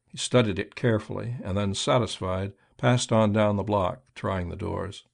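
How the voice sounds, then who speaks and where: A man narrates an audiobook in a steady, measured way. His voice sits at a middle pitch and holds an even pace through the reading. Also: vocal fry.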